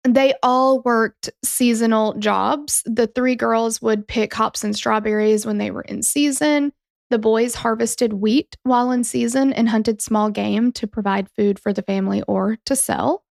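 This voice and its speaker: A woman's voice: on the high side, fairly even intonation, a little slow, gravelly, no echo, clean studio sound. A woman co-hosting a true-crime podcast, chatting casually with lots of fillers and some swearing. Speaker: podcast co-host.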